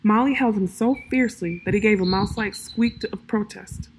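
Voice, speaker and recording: A woman reading a fantasy story aloud in a calm, measured narration. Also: mid-range voice, a little hiss or hum.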